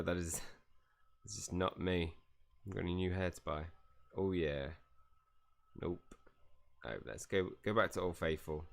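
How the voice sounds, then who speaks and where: Male gaming streamer, deep voice, chatty, reads dialogue aloud. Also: sharp tone. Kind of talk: live gameplay commentary.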